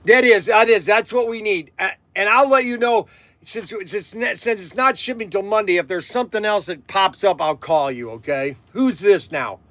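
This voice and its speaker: A middle-aged man from Southern Ohio hosting a casual livestream, rambling and animated, laughing often as he talks. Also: high voice, moderate pace, no room sound. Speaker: livestream host.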